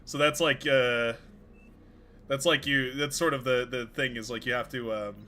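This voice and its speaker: A man's voice: mid-range voice, fairly even intonation, moderate pace, bright, forceful tone, faint music behind. A young man hosting a game livestream, rambling casually with frequent laughs and restarts. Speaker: stream host and game caster.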